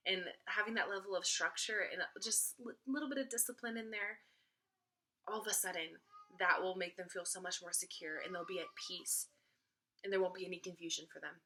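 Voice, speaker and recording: A young mother giving casual parenting advice to the camera. Her voice has a bright, forward edge, and she talks earnestly, repeating key points for emphasis. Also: fairly low pitch, fairly even intonation, brisk. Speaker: mom vlogger.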